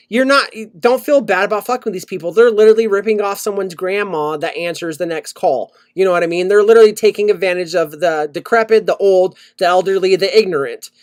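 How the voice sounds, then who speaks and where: Guy with a pretty high voice, podcast cohost, rants and swears a ton. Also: fairly quick, hardly any pauses. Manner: ranting, swears a lot, animated storytelling. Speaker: podcast co-host. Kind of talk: casual profane chat.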